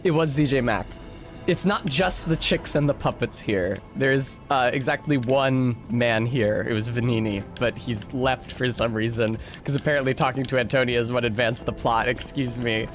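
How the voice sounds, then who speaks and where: A man's voice: mid-range voice, normal speed, soft background music. Sarcastic rambling streamer man. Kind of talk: let's-play commentary.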